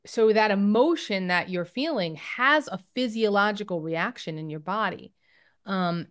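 A woman's voice: fairly low pitch, clean tone. A woman occupational therapist explaining her work in a casual interview, thoughtful with many fillers and restarts.

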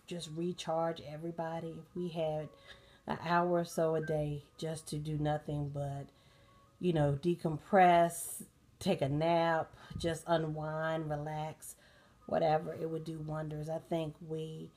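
A sleepy woman hosting a relaxed bedtime chat, talking casually with lots of fillers and laughs. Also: low-pitched, measured pace. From United States. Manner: relaxed, chatty, laughing often, many fillers. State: sleepy and tired. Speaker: host of a bedtime talk channel. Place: dim bedroom at night, soundscapes playing.

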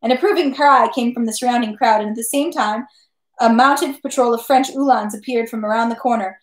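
A woman reading a classic novel aloud at home, steady with occasional slips and self-corrections. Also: a little high, fairly quick, echoey room. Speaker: reader.

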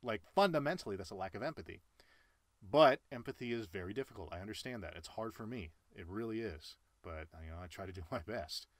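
A man in his late twenties talking earnestly and emphatically about life lessons, with sudden loud jumps in pitch. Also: animated, fast, no echo. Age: late 20s. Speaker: cartoon channel creator. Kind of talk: personal life-lessons monologue.

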